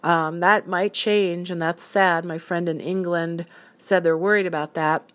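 An earnest woman talks through her views in a relaxed solo monologue, leaning on plain examples to make her case. Her voice sits a little low and stays unhurried, with a firm, opinionated edge. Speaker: solo commentator.

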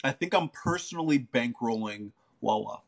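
Casual co-host from Philly, laid-back and teasing, quick to laugh, medium pitch. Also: creaky. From Philadelphia. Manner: teasing, relaxed, laughs often. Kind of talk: casual live-stream chat.

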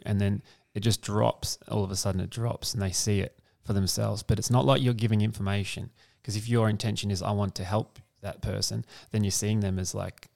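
Casting: Australian male coach, low gravelly voice, calm and earnest. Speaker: podcast guest, awakening coach. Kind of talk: reflective casual talk.

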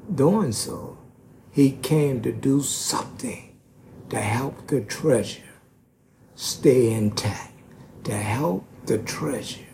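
A man preaching a sermon slowly and emphatically, stretching out key words. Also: medium pitch, vocal fry, a little mellow, a little hiss or hum.

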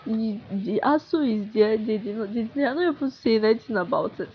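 A young woman with a Nigerian accent, speaking in a frustrated, halting monologue full of restarts and sighs. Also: on the high side, animated, muffled recording, slight background noise. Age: young adult. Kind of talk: emotional unscripted monologue.

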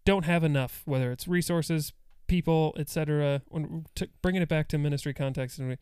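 A man's voice: fairly high pitch, fairly quick, a little mellow, clean tone, no echo, studio quality. A man, a pastor co-hosting a ministry podcast, easygoing and affirming in conversation.

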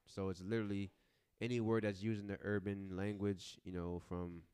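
Low-voiced man joking on a podcast. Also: little pitch movement, moderate pace, mellow, smooth. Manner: joking, laughs often, many restarts. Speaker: podcast co-host. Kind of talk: casual chat.

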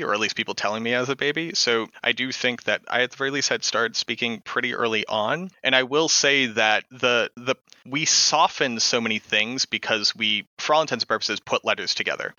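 Bright-toned man with a light Boston accent. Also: mid-range voice, fairly quick, hardly any pauses, no room sound, highs cut off. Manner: chatty, explanatory, jokey. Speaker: streamer guest. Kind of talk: casual interview chat.

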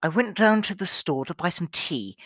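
Amateur British-accent bit: a friend playing a deadpan jailbird, swinging pitch. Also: moderate pace, no echo, studio quality. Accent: British, put on. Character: British man who punched a cashier, now in jail.

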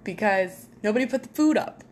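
A young woman telling animated, laughing stories in a casual podcast chat. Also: medium pitch, brisk, slight background noise. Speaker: podcast co-host.

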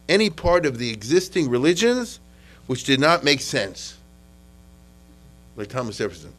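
Speaking in a mid-range voice, a man delivers a casual history lecture, frequently pausing to check in with the audience. He mixes Yiddish and Hebrew words into his talk, and the recording quality is low.

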